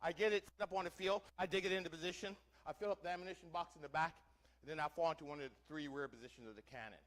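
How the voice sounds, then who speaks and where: In a church hall, a man acting as a historical wagon teamster races through his performance in a slightly high, fairly bright voice. He addresses the live audience theatrically, quizzing them with questions.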